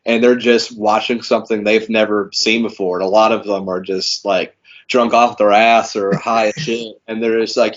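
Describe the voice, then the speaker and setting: A man's voice: fairly low pitch, fairly even intonation, moderate pace, a bit bright. A man being interviewed as a wrestling guest, telling stories in a laid-back, rambling way with lots of fillers. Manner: laid-back storytelling, many fillers, laughs often. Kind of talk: casual interview chat. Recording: dull lo-fi sound.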